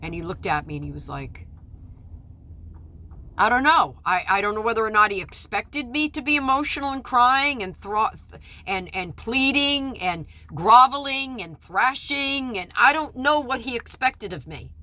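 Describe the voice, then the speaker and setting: A woman giving personal testimony about a custody hearing, halting and restarting often, rising to indignation and dropping to quiet apology. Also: on the high side, expressive, no room sound. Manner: halting, with many restarts and stammered repeats; swings between loud indignation and quiet apology. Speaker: mother recounting a custody case.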